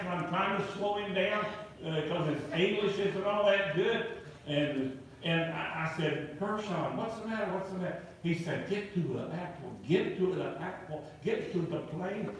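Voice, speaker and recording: A man's voice: sits high, slight background noise. A man preaching at a revival, telling stories and acting out the people in them. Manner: animated storyteller, acting out quoted voices. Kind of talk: revival sermon storytelling. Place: large church sanctuary. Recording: echoey church, voice from far off.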